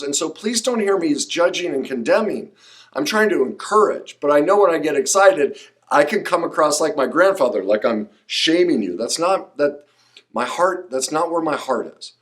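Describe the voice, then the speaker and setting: A middle-aged man hosting a podcast, talking emphatically and passionately, sometimes sounding preachy. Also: fairly high pitch. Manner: emphatic, preachy, rising to excited outbursts. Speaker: podcast host. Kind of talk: passionate solo podcast monologue.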